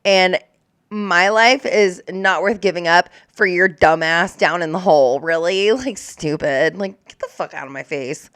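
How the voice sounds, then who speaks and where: A woman's voice: lowish voice, unhurried, fairly bright tone, no echo. A young woman who works as a corrections officer, reacting to news clips in casual, blunt, profane chat full of "like". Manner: blunt, profane, chatty with many likes.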